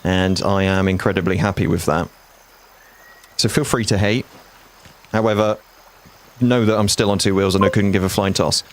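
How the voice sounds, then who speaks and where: Forties male streamer, lowish voice, blunt, sweary, easygoing chat with viewers. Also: fairly even intonation, normal speed, long pauses. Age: 40s. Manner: blunt, chatty, swears freely, talks to chat. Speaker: game streamer. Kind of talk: casual live-stream chat.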